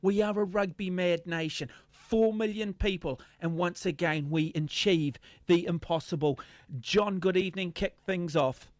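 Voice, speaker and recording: Kiwi bloke hosting talkback radio, pumped up and emphatic, dry studio sound. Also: male voice, high-pitched, measured pace, no echo. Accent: New Zealand. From New Zealand. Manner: excited and emphatic.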